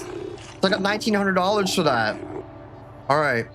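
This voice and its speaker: A man giving casual gameplay commentary as a streamer, excitable and joking, swearing often. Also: sits high, fairly quick, long pauses. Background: game music.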